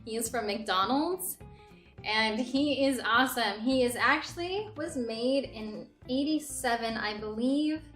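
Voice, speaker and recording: A young woman hosting a casual vlog, gushing with excitement as she shows off her finds. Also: fairly high pitch, a little slow. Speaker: host showing a thrift haul. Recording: echoey room, faint music.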